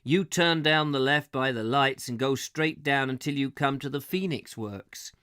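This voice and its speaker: A man's voice: mid-range voice, unhurried, pushed and bright, no room sound. Man doing a friendly West Country local, chatty and helpful, dry close sound. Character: friendly knowledgeable middle-aged man at a pub.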